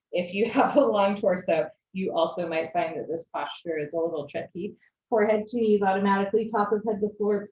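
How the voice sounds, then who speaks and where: A woman teaching a live online yoga class, giving steady posture cues with gentle encouraging asides. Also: medium pitch. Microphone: video call. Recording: echoey lo-fi video call audio.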